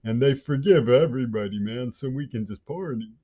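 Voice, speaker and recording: A man impersonating a naive, spacey male musician with a dopey, drawling high voice. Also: a little fast, warm tone, close to an everyday voice. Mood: dopey gushing. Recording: dull lo-fi audio.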